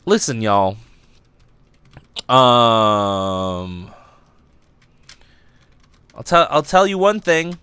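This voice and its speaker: A man's voice: medium pitch, lively intonation, extremely slow, pauses often, bright, forceful tone, smooth, no echo. A young man hosting a casual livestream podcast, rambling and giddy, lightheaded from fumes, swearing freely. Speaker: podcast host.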